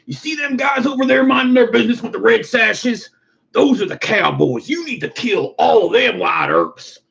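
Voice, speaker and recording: Man doing a shrill mock-scared cowboy. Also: animated, moderate pace, gravelly, a bit bright, exaggerated voice. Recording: lo-fi muffled recording.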